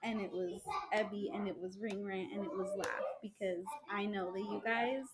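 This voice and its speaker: A woman chatting excitedly on a podcast, laughing often as she thanks guests and plugs her pages. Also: mid-range voice, normal speed, very noisy. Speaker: podcast guest and episode organizer. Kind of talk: casual chat.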